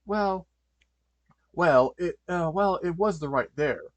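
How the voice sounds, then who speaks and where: A man's voice: on the high side, expressive, takes it slowly, no echo, pitched above the performer's own voice. A noble, earnest superhero dog speaks up for justice, as a man reading fan fiction puts him on. The voice sits a little above the reader's own, dry and close, with stammered restarts. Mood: heroic. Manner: earnest, rhyming hero lines, stammering. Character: heroic male superhero dog.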